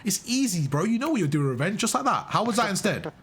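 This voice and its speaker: A man's voice: sits high, sing-song, fast talker, a crowd in the background. A young man coaching a player live through a match, emphatic and full of praise, repeating his instructions. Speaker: game coach. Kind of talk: live gameplay coaching commentary.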